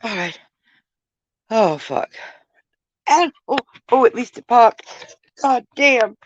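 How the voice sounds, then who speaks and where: A woman's voice: a little high, expressive, takes it slowly, dry recording, muffled recording. A woman talking casually to her stream viewers while in pain, groaning and swearing often as she moves around. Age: older. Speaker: vlogger. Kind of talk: casual live-stream chat.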